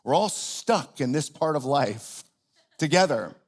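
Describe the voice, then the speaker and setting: A middle-aged man preaching a sermon in a relaxed, conversational way, often restarting his sentences and poking fun at himself. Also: fairly high pitch, measured pace, husky. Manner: conversational, self-deprecating, with frequent restarts. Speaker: pastor. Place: church auditorium.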